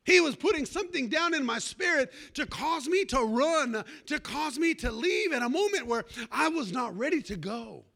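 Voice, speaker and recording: A male preacher with a very high, bright and forceful voice. He delivers a fervent sermon, calling for amens from the congregation and telling homespun personal stories along the way. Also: creaky. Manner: fervent, calls for amens, folksy storytelling.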